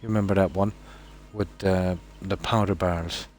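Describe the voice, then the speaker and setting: A man's voice: deep voice, steady tone, moderate pace, darkish tone, a little hiss or hum. A man giving casual commentary while playing a game, musing aloud and trailing off with ums. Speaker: game streamer.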